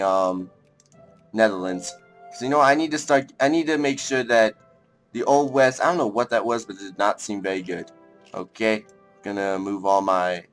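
A young man casually commenting on a strategy game as he plays, thinking aloud, rambling and breaking into excited outbursts, with faint music behind him. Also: on the low side. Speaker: let's play gamer.

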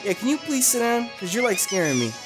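Loud, animated young Let's Play commentator. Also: mid-range voice, fast, music in the background. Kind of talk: gaming commentary. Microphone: desk mic with facecam.

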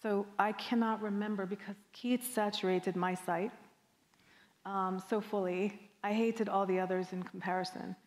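A middle-aged woman from Jamaica answering an audience question as a guest poet, candid and animated, laughing often. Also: medium pitch, moderate pace. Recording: long reverb of a lecture hall.

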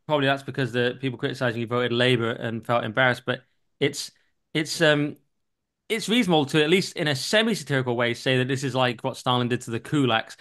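A man's voice: medium pitch, fairly bright tone. A man hosting a political podcast, talking bluntly with mocking asides and casual swearing. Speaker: podcast host.

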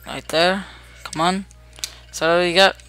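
A young adult gaming host giving chatty, upbeat commentary while playing, narrating each move out loud. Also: medium pitch, fairly even intonation, moderate pace. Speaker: gameplay video host. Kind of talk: casual let's-play commentary.

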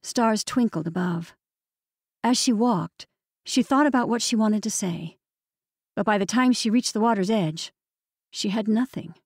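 A woman reads an audiobook novel in an even, measured way. Her voice sits at a middle pitch. The recording is dry and close. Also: no room sound. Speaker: audiobook narrator. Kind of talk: scripted narration.

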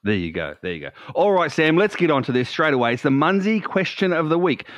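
A man's voice: on the high side, fairly quick, no echo. Chatty guy hosting a podcast, kinda dull lo-fi sound, dry. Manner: chatty, animated, playful teasing. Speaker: podcast host. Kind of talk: casual podcast chat.

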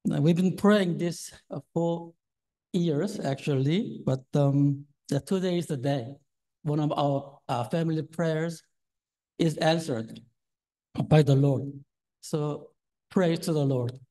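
A man's voice: on the high side, slow, dark tone, poor audio. A man in his sixties preaching a sermon as a lay preacher, nervous and hesitant with many fillers and a trembling voice. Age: 60s.

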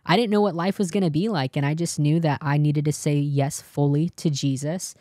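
A woman's voice: deep voice, fairly even intonation, a little fast, mellow, dry recording, studio quality. A young adult woman telling a personal testimony in an interview, earnest and acting out the lines of the people in her story. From California. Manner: earnest, tells story with quoted dialogue. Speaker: interview guest.

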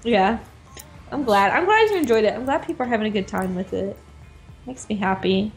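Animated woman telling a story. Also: medium pitch, fairly quick, soft background music. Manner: animated, heavy use of "like" fillers. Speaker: game designer, guest. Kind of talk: casual anecdote storytelling.

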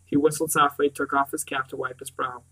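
A man reading a novel aloud in a measured way, often clearing his throat and restarting words. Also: fairly high pitch, little pitch movement, a bit bright. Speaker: reader. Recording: distant mic.

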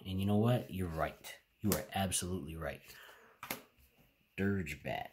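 Male vlogger, low voice, excitable and chatty, addressing viewers directly, home recording with clear background noise. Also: normal speed, pauses often. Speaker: card-opening channel host. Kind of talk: casual card-opening vlog. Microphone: home camera setup.

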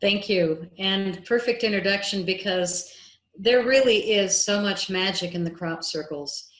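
Animated woman telling a story, echoey room. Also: medium pitch, unhurried. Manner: lively, acts out quoted dialogue. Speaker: filmmaker guest. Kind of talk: interview storytelling.

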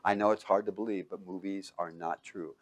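A man giving a motivational talk to a live audience. He talks emphatically, swings from loud to hushed, and keeps quizzing listeners with fill-in questions. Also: sits low, fairly even intonation, brisk. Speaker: speaker teaching a live audience.

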